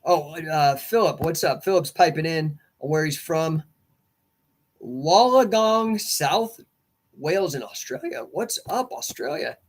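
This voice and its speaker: A man's voice: on the high side, lively intonation, measured pace. A middle-aged man hosting a podcast as a coach, rambling casually and acting out both sides of conversations with clients, emphatic in his points. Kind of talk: casual livestream monologue.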